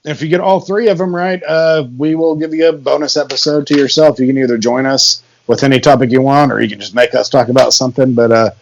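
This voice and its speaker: A man's voice: mid-range voice, fairly even intonation, fast, few pauses, lo-fi sound, slight background noise. A man co-hosting a comedy podcast, rambling and laughing often, with crude jokes. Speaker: podcast co-host. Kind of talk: casual comedic podcast chat.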